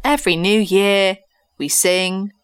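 A woman's voice: mid-range voice, takes it slowly, clean tone, dry recording. A woman co-hosting a comedy podcast, reacting to her partner's story with shocked exclamations and laughter. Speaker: podcast co-host. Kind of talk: casual chat, reacting.

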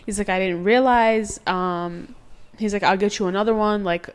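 A woman's voice: mid-range voice, steady tone, moderate pace, clear, resonant tone. A woman in her twenties co-hosting a podcast, telling a story casually and playfully, laughing and swearing now and then. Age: 20s. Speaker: podcast co-host.

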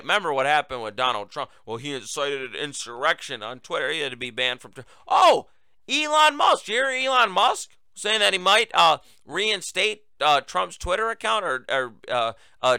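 A man's voice: fairly high pitch, gravelly, pushed and bright, clean tone, no echo. A man hosting a political talk show, delivering a sarcastic, mocking monologue. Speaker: host.

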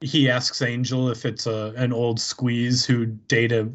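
Male podcast co-host, casual, slow and meandering, muffled lo-fi audio. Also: mid-range voice, little pitch movement. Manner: rambling, full of fillers, puts on voices. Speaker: podcast co-host recapping an episode. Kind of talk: casual chat.

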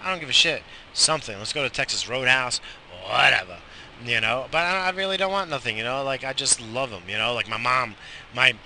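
A man in his thirties rambles to himself in a car, swearing freely and poking fun at himself. His voice is very bright and tense, pitched in the middle. A faint vehicle hum runs behind him. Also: low-quality recording. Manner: profane, rambling, self-mocking. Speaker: vlogger. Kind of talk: rambling casual monologue.

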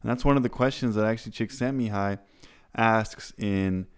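A man's voice: lowish voice, a little fast, clear, resonant tone. A man co-hosting a podcast, chatty and playful while explaining background. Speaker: podcast co-host. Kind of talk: casual podcast chat.

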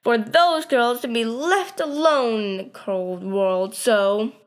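A woman voicing a scheming old male con man who poses as a preacher, smooth and theatrical, in a storybook reading. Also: on the high side, takes it slowly. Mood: sly.

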